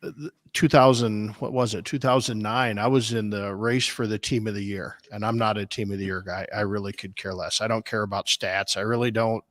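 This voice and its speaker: A man's voice: lowish voice, no echo, clean studio sound. Man telling rambling competition stories. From Des Moines, Iowa, US. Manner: rambling, animated anecdotes with restarts. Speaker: barbecue competition cook, guest. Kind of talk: casual storytelling on a podcast.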